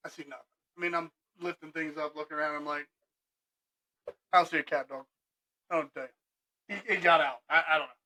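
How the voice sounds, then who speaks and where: Middle-aged man, high bright tense voice, animated storyteller for a casual podcast. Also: fast, pauses often, rough recording. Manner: animated, laughing, acts out both sides of conversations. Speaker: restoration business owner telling stories.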